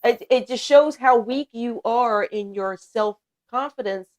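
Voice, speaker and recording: A woman's voice: fairly high pitch, measured pace, darkish tone. Give me a talkative American woman hosting a casual livestream, laughing often. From United States. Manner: chatty, laughs often, reads chat aloud. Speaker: livestream host.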